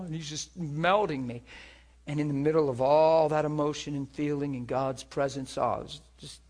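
Animated man telling a faith testimony. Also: on the high side, brisk. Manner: animated storyteller who laughs often and acts out voices.

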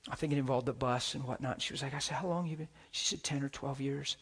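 A man preaching a sermon, telling stories with animated swings from shouts to hushed whispers and laughing as he talks. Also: mid-range voice, fast talker, breathy edge. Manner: laughs while talking.

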